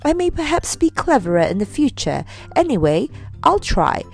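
A woman voicing a foolish, good-natured male servant who talks in a simple, earnest way, pitched a little above her own voice. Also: sing-song, moderate pace, creaky, darkish tone, faint music behind, exaggerated voice.

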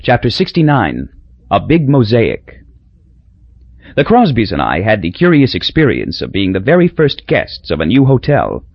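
A man reading an audiobook in a wry, measured storytelling voice. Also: lowish voice, wildly swooping pitch, creaky, husky, no room sound, dull audio. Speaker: audiobook narrator. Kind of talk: scripted narration.

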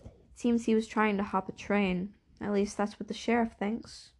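Woman reading a stern storybook dad, terse and heavy, quiet delivery. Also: medium pitch, level tone, normal speed, lightly acted. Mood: grave. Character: grave stern father, head of the household.

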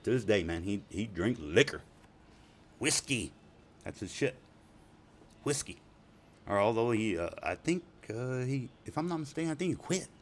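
A man's voice: mid-range voice, animated, normal speed, pauses often, a little hiss or hum. A middle-aged man telling casual, profane stories, rambling and laughing often. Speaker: storyteller. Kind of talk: casual spoken storytelling.

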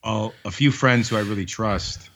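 A man's voice: fairly low pitch, moderate pace, a bit bright, slight background noise. A man co-hosting a podcast, chatting casually and enthusiastically with plenty of fillers. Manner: rambling, enthusiastic, lots of fillers. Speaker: podcast co-host. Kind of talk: casual chat.

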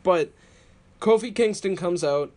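A man casually telling wrestling stories on a podcast, animated and laughing often. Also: high-pitched, a little slow. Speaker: podcast co-host.

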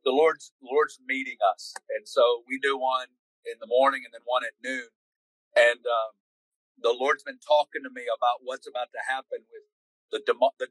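A man's voice: mid-range voice, a bit bright, dry recording, low-quality recording. A man recounting his personal testimony as a podcast guest, intense and dramatic, acting out the voices of people in his story. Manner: intense, dramatic retelling with vivid quoted dialogue.

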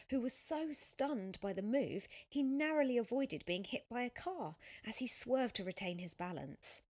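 A woman reading a story aloud as narrator, in a measured, even voice. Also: mid-range voice. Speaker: audiobook narrator. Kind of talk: scripted narration.

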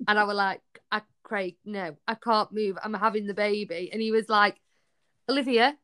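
A woman's voice: mid-range voice, moderate pace, clear, resonant tone. A young woman, a podcast guest telling her story in casual chat and acting out the dialogue. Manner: animated, acts out quoted dialogue.

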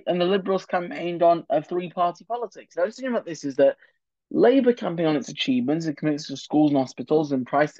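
A man's voice: on the high side, a little mellow, no room sound, highs cut off. A man hosting a solo history podcast, talking casually with sarcastic asides and the odd swear word. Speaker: podcast host.

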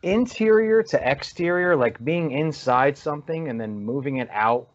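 A man's voice: on the high side, animated, normal speed. A man gushing about a movie's camera work in a casual podcast chat. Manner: enthusiastic, gushing. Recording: dull lo-fi sound.

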